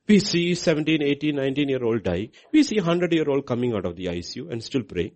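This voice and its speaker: A man preaching a sermon as pastor, swinging between hushed lines and loud, high outbursts. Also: very animated, fast talker, few pauses.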